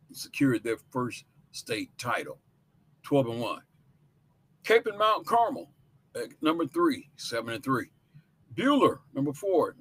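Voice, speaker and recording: A man hosting a sports show, reading out high school football rankings in a brisk listing manner with short personal asides. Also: fairly bright tone.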